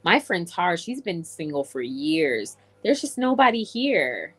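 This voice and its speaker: A woman's voice: lowish voice, very animated, unhurried, a bit bright, slightly rough. A woman from England chatting casually with viewers on a livestream and answering their comments. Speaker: live streamer.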